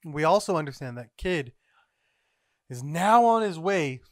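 A man hosting a podcast, recapping comic chapters in a rambling, excitable, casual way. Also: a little high, a little slow, long pauses, dry recording, clean studio sound. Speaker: podcast host.

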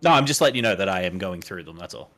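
A man with a very low voice talks fast at the game table. He drops quick, dry remarks about his character between other players. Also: animated, a bit bright, no echo. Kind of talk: casual tabletop game chat.

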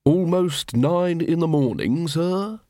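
A man's voice: a little high, takes it slowly, warm tone, no echo, studio quality, pitched above the performer's own voice. A man voicing a polite, formal male butler in a storybook reading. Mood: deferential. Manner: deferential.

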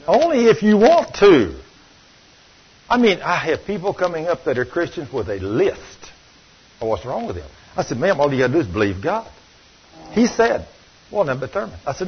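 Fervent preacher man, husky voice. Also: a little high, normal speed. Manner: fervent, animated preaching with acted-out quotes. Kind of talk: sermon. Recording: muffled lo-fi recording.

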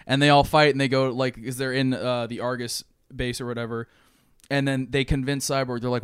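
A man chatting on a podcast, walking through a story with loose, excited rambling and a lot of swearing. His voice is smooth and resonant, sitting at an ordinary pitch, and the sound is close and dry. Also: fast, dry recording. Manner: rambling, animated retelling with frequent swearing. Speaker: podcast co-host. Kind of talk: casual chat, pitching a movie plot.

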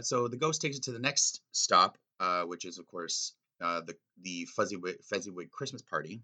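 Man, bright tone, lowish pitch, casual rambling commentary, lots of fillers. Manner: rambling, filler-heavy, enthusiastic. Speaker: reader discussing a classic story.

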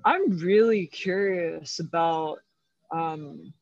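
A woman's voice: lowish voice, extremely slow, a little mellow, dry recording, muffled recording. A woman guest in a casual interview, rambling with lots of fillers and frequent laughter. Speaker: guest, jiu-jitsu athlete.

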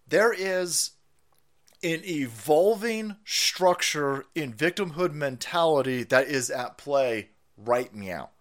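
With a slightly high, fairly bright voice, a man hosting a stream delivers a profane rant. He laughs along and does mocking impressions of people in put-on voices.

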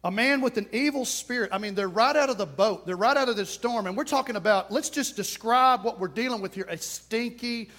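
A man's voice: high voice, fairly quick, few pauses, fairly bright tone. A man preaching a sermon, emphatic and repetitive, with touches of humor.

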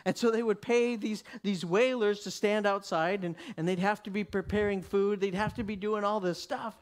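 A man preaching a sermon, acting out the people in the story and swinging from loud declarations to hushed whispers. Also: sits high, steady tone, normal speed.

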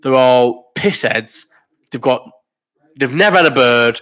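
A man in his thirties hosts a live stream, chatting loosely and swearing as he works through viewers' comments. His voice is bright and forceful. He is ill with a cough, and the delivery wanders from one tangent to the next. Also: mid-range voice, expressive, unhurried. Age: 30s. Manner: sweary, rambling banter. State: sick with a cough. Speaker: live chat host. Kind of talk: casual live-stream chat reading comments. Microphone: desk microphone.

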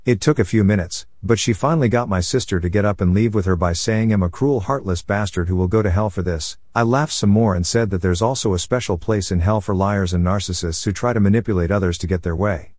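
Male narrator, low voice, dry close sound, steady read. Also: fast, hardly any pauses, no echo. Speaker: story narrator. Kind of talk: scripted first-person narration.

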